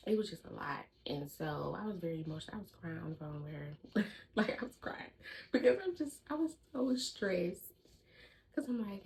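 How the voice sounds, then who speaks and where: Young adult woman, lively storyteller who talks straight to her viewers, slightly low voice. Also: normal speed, a little hiss or hum, rough recording. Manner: lively, chatty storytelling that addresses viewers as "y'all". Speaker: vlogger. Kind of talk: casual storytime.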